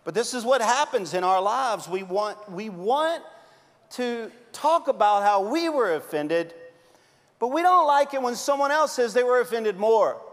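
A man preaching a sermon as a pastor, telling stories with big swings from loud to hushed. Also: high-pitched. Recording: long hall reverb.

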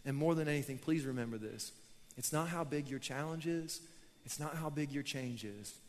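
A man's voice: fairly high pitch, moderate pace, long reverb tail. A young man preaching a sermon in a church, casual and self-mocking as he tells stories. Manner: casual, storytelling preacher who laughs at himself. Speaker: pastor. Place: church auditorium.

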